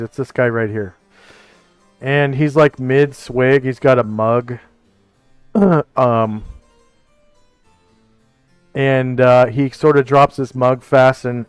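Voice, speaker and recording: A man running a tabletop game as game master, narrating in a relaxed way and thinking aloud with fillers. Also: mid-range voice, clean tone, no echo.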